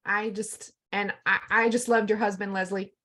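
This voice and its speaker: A woman's voice: medium pitch, flat delivery, moderate pace, pushed and bright. A woman chatting casually over a video call, gushing with enthusiasm about people and events.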